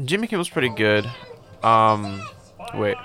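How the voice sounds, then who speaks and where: A young man co-hosting a casual podcast, excitable, swearing a lot and stammering when surprised. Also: lowish voice, a little slow. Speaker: podcast co-host. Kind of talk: casual chat.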